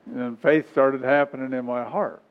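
A man's voice: mid-range voice, fairly even intonation, moderate pace, clear, resonant tone. A man preaching a sermon in a folksy, repetitive style, chuckling now and then. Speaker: pastor. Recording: tinny phone-like recording.

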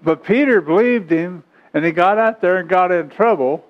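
A man with a somewhat high voice delivers a sermon, reading passages aloud and then breaking them down in folksy, chuckling asides. The recording is dull and lo-fi. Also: moderate pace. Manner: reads scripture then explains it in homey, chuckling asides. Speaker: preacher.

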